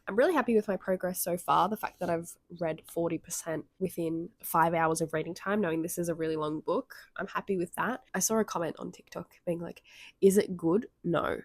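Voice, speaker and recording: A woman's voice: fairly low pitch, brisk, gravelly, few pauses, no room sound. A sniffly woman with a cold, chatting casually and rambling in a reading vlog from her bed. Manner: chatty, rambling, frequent "like" fillers. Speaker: book vlogger. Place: in bed at home.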